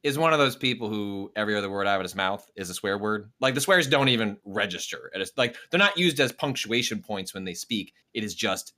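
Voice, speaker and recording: Bright-toned animated storytelling parent. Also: medium pitch, fairly quick, few pauses. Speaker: podcast co-host, parent. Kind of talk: casual podcast storytelling.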